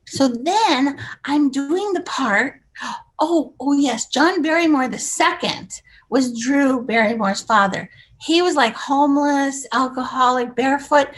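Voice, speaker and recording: A woman in her sixties, a comedic actress, telling rambling showbiz stories and acting out the voices of people she quotes. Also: sits high. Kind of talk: casual storytelling interview.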